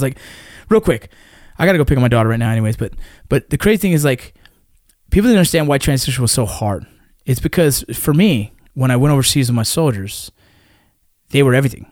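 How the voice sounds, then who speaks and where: A man's voice: medium pitch, darkish tone, no echo, clean studio sound. A man in his thirties or forties, a military veteran guest talking in a blunt, profane, emphatic way in casual conversation.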